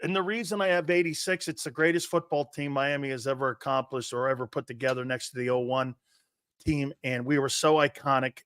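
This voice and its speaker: An older man, a former college football player, co-hosting a sports talk show and telling stories with loud acted-out quotes and plenty of swearing. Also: mid-range voice, brisk, clear, resonant tone, no room sound. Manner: excitable, profane, acts out quotes loudly. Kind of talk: animated sports talk and storytelling.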